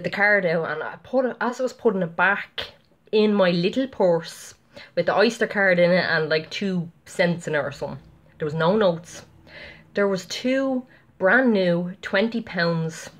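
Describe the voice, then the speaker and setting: Woman, middle-aged, slightly low voice, casual rambling testimony vlog. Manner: chatty, rambling, many fillers and asides to viewers. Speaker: Christian vlogger.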